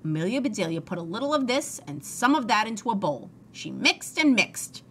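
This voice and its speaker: A woman reads a children's storybook aloud in an expressive, sing-song way. Her voice is bright and lively in pitch, and a faint hiss sits beneath it. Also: brisk. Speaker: storybook reader. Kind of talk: reading a children's book aloud.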